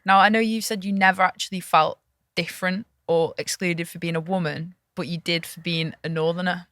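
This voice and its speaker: Casting: female podcast host, relaxed questions, lowish voice, dry close sound. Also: brisk, no room sound. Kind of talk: casual interview conversation.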